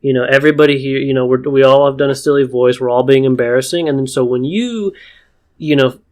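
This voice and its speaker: A man's voice: medium pitch, fast talker, a little mellow. A man co-hosting a casual podcast about tabletop games, talking in a rambling way with many fillers and restarts. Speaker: podcast co-host.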